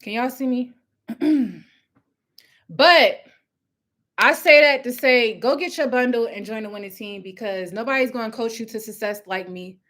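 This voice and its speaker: Loud, bright-voiced woman preaching hustle. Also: fairly high pitch, a little slow, pauses often. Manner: loud, passionate, preachy, laughs often. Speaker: host of a live coaching stream. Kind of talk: live motivational talk. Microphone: phone or webcam at home with ring light.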